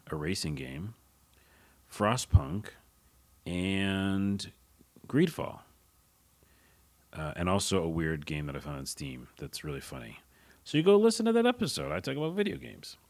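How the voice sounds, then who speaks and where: Deep-voiced young man, solo podcast host, loose and rambling, casual swearing, conversational delivery. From United States.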